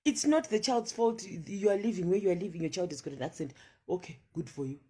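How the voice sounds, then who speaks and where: A woman's voice: on the low side, fairly quick, dark tone, slightly rough. A woman giving a passionate monologue of social commentary, firing off rhetorical questions and switching between English and Shona.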